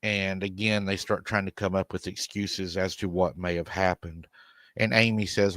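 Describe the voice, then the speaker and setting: A man's voice: sits low, little pitch movement, moderate pace, a bit bright, no echo. A man hosting a live paranormal stream, retelling a family's story and quoting the people in it. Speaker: paranormal show host.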